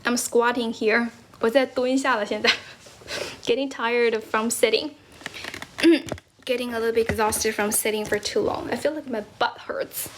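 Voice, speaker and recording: A young woman from China chats casually on a livestream, switching between English and Chinese. Her voice sits a little high. She laughs often and keeps thanking viewers for their gifts. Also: steady tone, moderate pace, background noise. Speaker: livestream host. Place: indoors, squatting while streaming.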